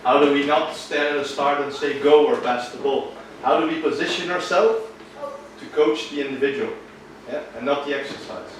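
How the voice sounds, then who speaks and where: A man's voice: fairly high pitch, moderate pace. A man leading a workshop, putting questions to the audience. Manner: asks the room questions. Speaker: workshop presenter. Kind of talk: workshop talk. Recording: echoey room from far off, faint noise.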